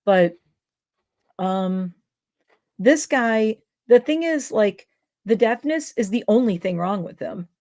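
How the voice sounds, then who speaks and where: A woman's voice: medium pitch, lively intonation, slow pace, long pauses, darkish tone. A woman hosting a casual livestream chat, a dog trainer who rambles with lots of fillers. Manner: rambling, filler-heavy talk. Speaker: livestream host.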